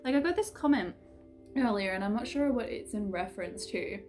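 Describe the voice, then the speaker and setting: A woman's voice: medium pitch, expressive, brisk, a little mellow, soft background music. Rambling young woman vlogging at home. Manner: rambling, filler-heavy, self-reflective. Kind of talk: casual chat to camera. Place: room at home.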